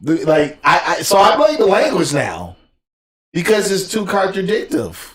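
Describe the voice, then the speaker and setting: A man co-hosting a podcast in casual chat, animated and acting out little exchanges as he talks. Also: high-pitched, measured pace. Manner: animated, acts out quoted texts and arguments. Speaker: podcast co-host. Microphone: desk USB microphone.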